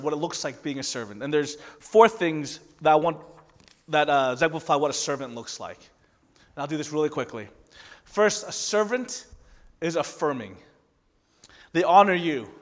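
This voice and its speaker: A man in his thirties preaching a conversational sermon as pastor, building into loud emphatic stretches. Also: fairly high pitch. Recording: long reverb of a large hall.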